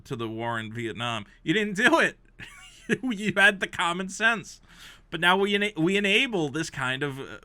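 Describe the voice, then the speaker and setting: A man rants through comedic reaction commentary in a sharply bright voice that leaps high and dips low. He sounds exasperated and sarcastic, swinging from loud outbursts to low mutters. The recording is close and dry. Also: smooth, no room sound. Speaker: host reacting to a game console review.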